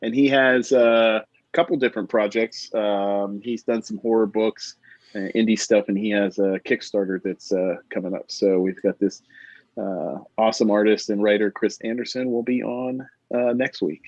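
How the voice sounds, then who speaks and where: Excited man on a dull, dry mic. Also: lowish voice, normal speed, no room sound. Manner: excitable, laughs easily, lots of fillers. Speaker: podcast co-host. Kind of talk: casual chat.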